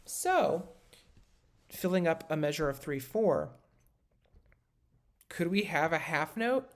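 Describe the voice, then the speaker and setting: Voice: medium pitch, big pitch swings, slow. A music instructor gives a recorded lesson, talking casually and patiently while drawing notation, with many ums and self-corrections.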